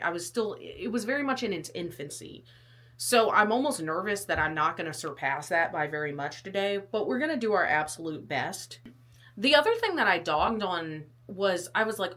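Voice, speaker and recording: A woman's voice: mid-range voice, pushed and bright. A young woman vlogging casually about her fitness test, chatty and rambling, coughing and out of breath. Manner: chatty, rambling, self-deprecating.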